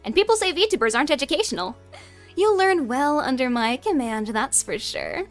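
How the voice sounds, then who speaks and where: Young woman vtuber w/ a high voice, teasing bossy commander bit, faint music behind. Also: expressive, normal speed. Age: young adult. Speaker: VTuber streamer. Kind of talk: in-character debut stream.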